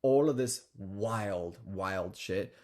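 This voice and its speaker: Male guest, lowish pitch, loose and chatty storyteller, filler-heavy, laughs mid-sentence. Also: drawn-out words, a little mellow. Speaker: guest telling an anecdote. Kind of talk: casual storytelling.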